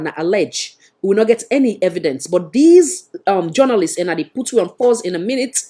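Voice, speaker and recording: A woman with a Sierra Leonean accent hosts a live talk show. She speaks at a mid pitch for a woman and keeps pressing her guest with pointed, repeated questions. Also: warm tone, husky. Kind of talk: live panel discussion.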